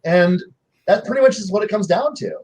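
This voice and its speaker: High-voiced man telling table stories. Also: a little fast, husky. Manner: animated anecdotes with many restarts and acted-out quotes. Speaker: game referee panelist. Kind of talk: casual panel chat, storytelling.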